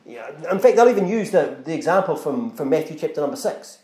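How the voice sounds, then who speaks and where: A male preacher with a fairly high, mellow voice that climbs and dips a lot as he talks. He preaches in a loose, conversational way, restarting phrases and acting out little quoted exchanges. The sound carries the echo of a church hall. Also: very animated, fast. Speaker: pastor. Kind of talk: sermon.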